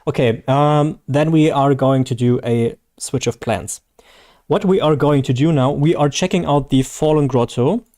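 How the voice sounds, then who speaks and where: A man's voice: medium pitch, mellow, no echo, studio quality. A man from Germany with a German accent, hosting a casual live gaming stream, hesitant and self-deprecating with many fillers and restarts.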